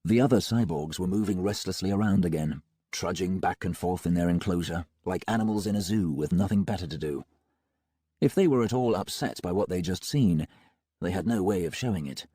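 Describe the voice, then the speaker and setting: Male audiobook narrator, low husky voice, expressive, dry close sound. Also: fairly quick, no echo. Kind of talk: first-person audiobook narration.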